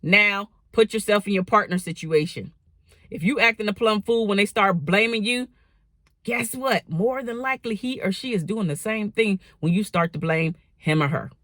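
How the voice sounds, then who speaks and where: A woman's voice: mid-range voice, normal speed, fairly bright tone, no echo, studio quality. A woman giving casual relationship advice in an emphatic, preachy way, repeating key phrases and dropping slang. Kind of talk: casual motivational advice talk.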